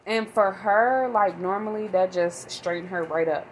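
A woman of middle pitch tells a long story straight to camera as a mother. She rambles and stresses her points hard, with a faint noise floor under her voice. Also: moderate pace, low-quality recording. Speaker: mother vlogger. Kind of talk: casual monologue.

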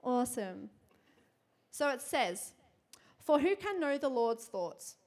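A young woman giving a sermon to a congregation, telling a personal story in a chatty, quick way with lots of fillers and frequent laughter. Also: high voice, big pitch swings, darkish tone. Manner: chatty, fast, laughing often, many fillers. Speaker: church speaker.

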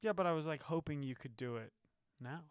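A young man co-hosting a podcast, casual and teasing, animated and quick to laugh, on a close microphone. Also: on the high side, smooth, dry recording. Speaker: podcast co-host. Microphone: close podcast mic.

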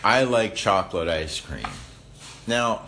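A man's voice: on the low side, lively intonation, takes it slowly, pushed and bright, slight background noise. A man in a casual debate, musing aloud and often restarting or repeating words.

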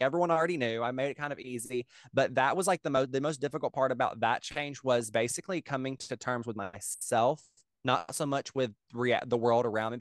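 A young man talks quickly in a casual podcast chat, rambling and filling his sentences with "like" and "you know." His voice sits at a middle pitch. The sound is dry and close, with no room around it. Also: no room sound. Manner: rambling, filler-heavy, lots of "like" and "you know". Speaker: podcast co-host.

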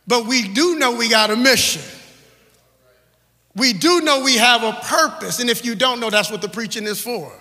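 Very high-voiced preacher man in his forties. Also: moderate pace, bright, forceful tone, in a large hall. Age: 40s. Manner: call-and-response exhortation with rhythmic repetition. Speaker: pastor. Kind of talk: sermon. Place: church sanctuary.

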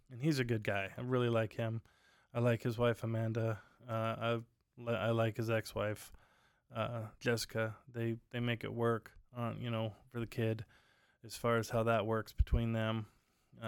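Flat-voiced man rambling on a podcast. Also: mid-range voice, smooth, no room sound, clean studio sound. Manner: rambling storytelling with many fillers. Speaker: podcast host. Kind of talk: casual solo chat. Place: at home at night.

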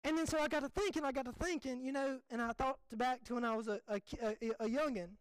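A young man, a pastor preaching a folksy, animated, self-deprecating sermon. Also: very high-pitched, fast talker, clean tone, no room sound, rough recording.

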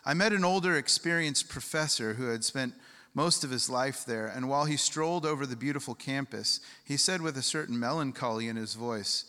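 A man's voice: medium pitch, brisk, sharp tone, in a large hall. A male pastor preaching a sermon in a conversational way, asking the congregation questions and reading scripture aloud.

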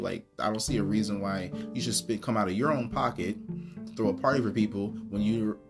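A man's voice: fairly low pitch, fairly quick, vocal fry, over music. A man hosting a podcast, telling a story in a blunt, profane, casual rant. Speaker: podcast host.

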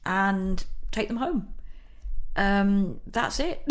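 A woman's voice: medium pitch, lively intonation, very slow. A middle-aged woman, a guest in an interview, telling a personal story in a chatty way, laughing often and using many fillers.

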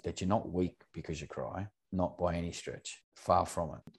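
A man's voice: deep voice, fairly even intonation, normal speed, vocal fry, husky. A man talking earnestly and openly as a podcast guest, swearing casually as he speaks. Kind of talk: candid podcast conversation.

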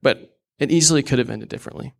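A man's voice: mid-range voice, fast talker, vocal fry. A young man preaching a sermon in an earnest, candid way, with casual asides.

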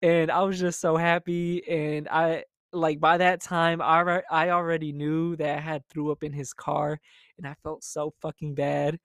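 A young man with a slightly high voice tells a story in a loose, chatty monologue, swearing freely and keeping it animated. The sound is dry and close to the mic, with no room around it. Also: moderate pace, clear, resonant tone, no room sound. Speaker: storytime host.

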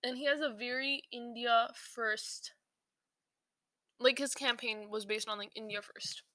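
Young woman rambling on her podcast, lots of likes and restarts, bright voice, dry sound. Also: fairly high pitch, steady tone, measured pace, dry recording. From South Asia. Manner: rambling, many fillers and restarts. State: slightly out of breath while eating. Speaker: podcast host. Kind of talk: casual podcast chat.

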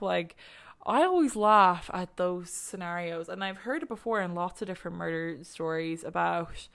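A young woman hosts a podcast of casual true-crime stories, rambling chattily, swearing and using plenty of fillers. Her fairly low voice has vocal fry and is a bit bright and smooth, at a normal speed.

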